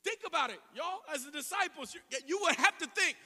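High, bright-voiced preacher in an echoey hall. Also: male voice, fairly quick. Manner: animated storytelling, acting out voices, building to shouted proclamations. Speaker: pastor. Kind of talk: sermon.

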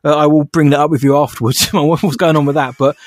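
A man's voice: fairly high pitch, steady tone, fast. A man co-hosting a podcast in casual chat, an enthusiastic fan who laughs often. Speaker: podcast co-host.

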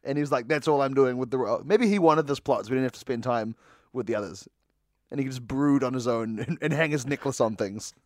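A man's voice: mid-range voice, expressive, a little fast, dry recording, studio quality. A man co-hosting a casual movie podcast, joking and laughing often. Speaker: podcast co-host.

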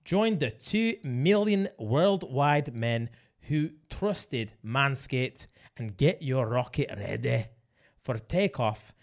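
A man's voice: medium pitch, animated, slow. A man putting on a mock Scottish accent to play a hammy ad announcer in a comic sponsor read. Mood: playful.

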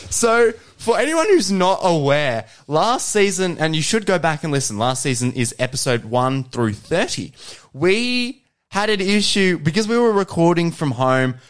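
A man's voice: on the high side, a bit bright. A young Australian man co-hosting a podcast in casual, joking chat, swearing freely. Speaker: podcast co-host.

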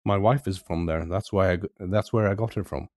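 A man's voice: low-pitched, brisk, darkish tone, no echo, studio quality. A Swedish man hosting a podcast, chatting casually with many hesitant fillers. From Sweden. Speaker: podcast host. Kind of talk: casual chat.

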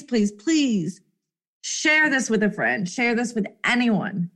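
A woman's voice: medium pitch, a bit bright. A woman hosting a solo motivational podcast, talking in an effusive, emotional way with frequent laughter and repeated exclamations. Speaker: podcast host.

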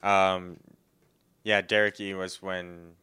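A man chatting casually with a friend, quiet and halting, often trailing off while searching for words. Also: low voice, flat delivery, clean tone. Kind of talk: casual chat.

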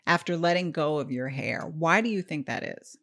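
Animated woman host asking questions. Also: deep voice, moderate pace. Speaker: podcast host. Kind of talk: interview questions.

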